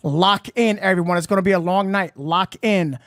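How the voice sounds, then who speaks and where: A streamer talking to chat in a live-stream reaction, exclaiming, swearing and repeating phrases, with loud music behind. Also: medium pitch, moderate pace, dry recording. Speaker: livestreamer.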